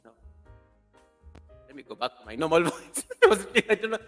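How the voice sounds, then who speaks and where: A man's voice: a little high, sing-song, brisk, fairly bright tone, soft background music. A man hosting a livestream in casual chat, laughing a lot and greeting viewers by name. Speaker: livestream host.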